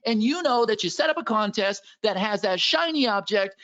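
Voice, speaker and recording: A man hosting a live sales webinar, energetic and pushy, hyping up the chat and repeating himself. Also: high-pitched, normal speed. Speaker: webinar host selling software. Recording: dull lo-fi webinar audio.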